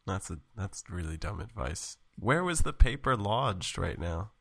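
A young podcast co-host who keeps cutting in with dry, mocking remarks. His voice sits low and has a gravelly edge. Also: very animated, unhurried, a bit bright, dry recording. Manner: sarcastic, teasing interrupter. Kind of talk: casual podcast chat.

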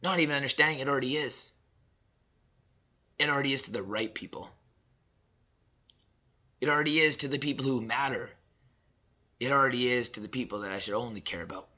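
A man in his thirties delivering a personal motivational monologue, emphatic and repetitive, swinging between loud and soft. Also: medium pitch, a little fast, long pauses, lo-fi sound. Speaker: father sharing reflections.

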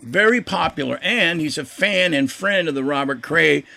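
Gravelly older man telling a story. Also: a little high, normal speed. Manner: animated, acts out quoted voices. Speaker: guest musician. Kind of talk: casual storytelling.

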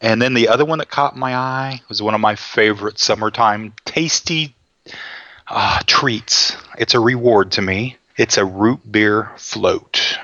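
A man's voice: medium pitch, normal speed, bright, forceful tone, no echo. A man co-hosts a home cooking show in a folksy, chatty way. His voice sits mid-range and comes through a dry, slightly dull recording. He drifts easily from recipes into jokes. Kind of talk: casual cooking talk.

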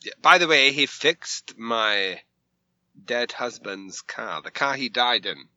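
A man's voice: medium pitch, lively intonation, takes it slowly, sharp tone, dry recording, muffled recording, heavily acted. A man voicing a boastful widowed woman with a rotten tooth, rambling through grand brags in a podcast bit. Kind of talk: podcast recap banter.

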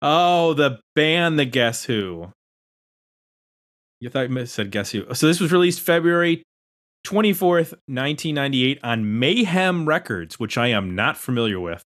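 A man co-hosting a casual music podcast, his voice sitting right in the middle of the male range. He reads listener comments with an upbeat, animated lilt and chats in a relaxed way between them. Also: mid-range voice, a little slow. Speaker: podcast co-host. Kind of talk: casual chat, reading listener comments aloud.

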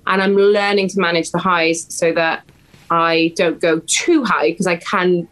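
A woman, a podcast guest talking in a lively, emotional, animated way. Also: lowish voice, unhurried, poor audio. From West Wales. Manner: animated, emotional, acts out voices in stories. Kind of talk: casual podcast chat.

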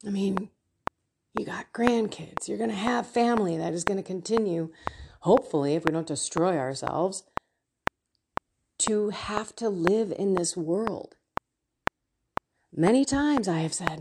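A woman's voice: on the low side, animated, measured pace, pauses often, noisy background. A middle-aged woman giving an impassioned spiritual talk and prayer, fervent and emotional, sometimes dropping to a whisper. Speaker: faith coach and speaker.

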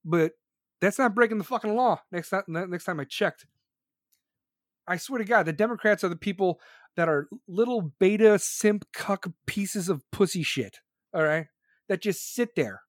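A man's voice: high voice, expressive, normal speed, dry recording. A man ranting heatedly about politics on a live stream, swearing constantly and sneering sarcastically, close to the mic. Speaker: political commentator streaming to viewers. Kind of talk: profane live-stream rant.

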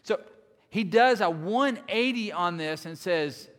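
Guy preaching a sermon, kinda high voice, gets loud then real quiet, big echoey hall. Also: expressive, takes it slowly. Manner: earnest, dramatic swings between loud and quiet. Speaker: lead minister. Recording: long hall reverb.

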